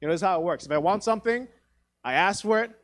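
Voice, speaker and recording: A stand-up comedian in his thirties, originally from Taiwan, works a theatre crowd with profane, self-deprecating stories. He acts out the other people in his dialogue. His voice sits a little on the high side. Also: lively intonation, racing. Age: 30s. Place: theatre stage.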